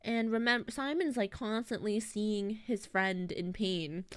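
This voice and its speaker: A woman's voice: mid-range voice, measured pace, clear, resonant tone, no room sound, clean studio sound. A young woman streaming, casually recapping a story in a rambling, slangy way full of fillers and restarts. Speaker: VTuber streamer.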